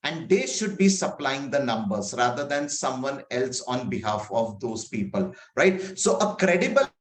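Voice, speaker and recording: A man's voice: medium pitch, big pitch swings, normal speed, echoey room. A man from India, an agile coach, leading an online training session in a conversational way, with many fillers and rhetorical questions. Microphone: video call.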